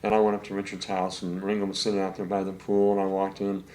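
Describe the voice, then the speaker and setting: An older man, a session saxophonist, telling rambling anecdotes in a relaxed interview, full of fillers. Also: sits low, fast talker. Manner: rambling anecdotes with many fillers, acts out quotes.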